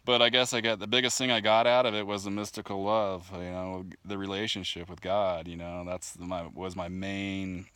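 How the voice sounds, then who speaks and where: A man telling the story of his spiritual journey to a camera outdoors. He rambles with fillers and restarts, laughs often, and grows animated when he is annoyed. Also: sits low, normal speed, few pauses, smooth, no room sound. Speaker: vlogger sharing spiritual testimony. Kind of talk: casual personal storytelling to camera. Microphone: camera mic.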